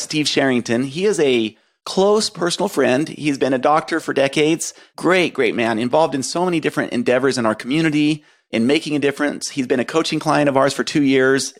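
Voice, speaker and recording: Earnest male podcast host. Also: medium pitch. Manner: earnest, enthusiastic, praising. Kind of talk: podcast interview intro.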